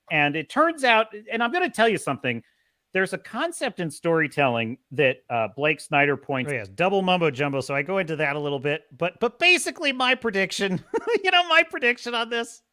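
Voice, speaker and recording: A man hosting a live stream, ranting through animated, profane commentary. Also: fairly high pitch, brisk. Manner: animated, swearing, exclaiming. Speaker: host of a live show.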